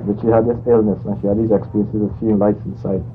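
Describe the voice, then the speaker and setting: A man's voice: fairly low pitch, flat delivery, fast talker. A man telling a long anecdote in a rambling, conversational way, correcting himself as he goes. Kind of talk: anecdotal storytelling. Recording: tinny phone-like line, faint hiss.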